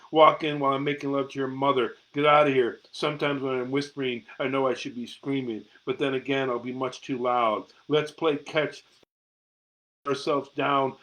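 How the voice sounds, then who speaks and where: A man's voice: mid-range voice, a bit bright, poor audio. Blunt man reading his raw poetry. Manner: raw, intense, swears freely. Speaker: amateur poet and show host. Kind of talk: live-streamed poetry reading.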